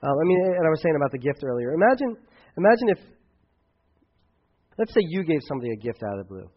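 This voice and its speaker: A man preaching a sermon as pastor, emphatic, swinging between loud outbursts and quiet asides. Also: mid-range voice, expressive, very fast. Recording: dull lo-fi recording.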